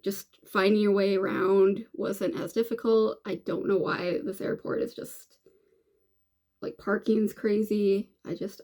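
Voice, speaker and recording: A woman chats in a relaxed, rambling way as she does her makeup, stopping to restart her thoughts. Her voice is mellow and a little gravelly, with fry at the ends of phrases. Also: medium pitch. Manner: rambling, chatty, many fillers and restarts. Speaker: beauty vlogger. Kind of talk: casual chat while doing makeup.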